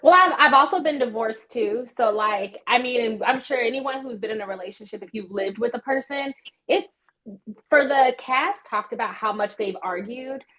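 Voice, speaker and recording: Woman guest, fairly high voice, frank, relaxed, swears casually, video call. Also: normal speed, rough recording. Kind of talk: casual reality TV recap chat. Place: outdoors in the sun.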